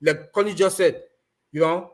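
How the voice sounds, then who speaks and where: A man's voice: on the high side, moderate pace. A man speaking on an online group call, earnestly repeating warnings to be careful. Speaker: meeting speaker.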